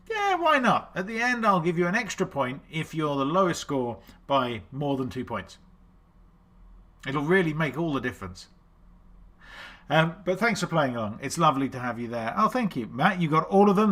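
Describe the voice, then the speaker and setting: A chatty man hosting an online quiz, with a fairly high, bright and forceful voice. He talks casually and pokes fun at himself between rounds. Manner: chatty and self-deprecating, greets viewers by name. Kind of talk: live-stream chat.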